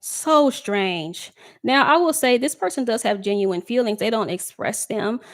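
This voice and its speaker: A woman's voice: fairly high pitch, lively intonation, a little slow. Chatty woman giving a tarot reading. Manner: chatty, reads chat comments aloud, laughs often. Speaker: tarot reader. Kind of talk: casual live tarot reading.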